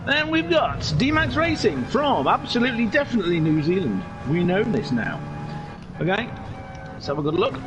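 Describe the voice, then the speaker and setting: A man's voice: sits high, big pitch swings, normal speed, muffled recording, noisy background. A man giving casual, jokey commentary on a racing game, with rambling, self-mocking asides. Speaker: race commentator. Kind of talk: casual race commentary over game footage.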